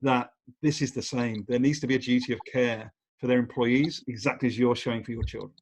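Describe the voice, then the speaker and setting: A man's voice: medium pitch, fairly even intonation, a little fast, slightly rough. Reflective male podcast host. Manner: reflective, builds long points with lists. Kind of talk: conversational interview.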